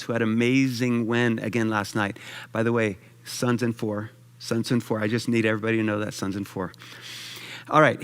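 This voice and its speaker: A man, a pastor, preaching a conversational sermon that tells stories from his own life. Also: mid-range voice. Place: church.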